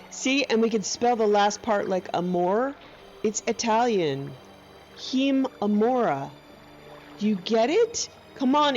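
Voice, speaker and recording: With a medium-pitched, darkish voice, this streamer gives jokey gameplay commentary, talking baby talk to her companion and throwing in self-mocking, teasing asides. The audio has its highs cut off.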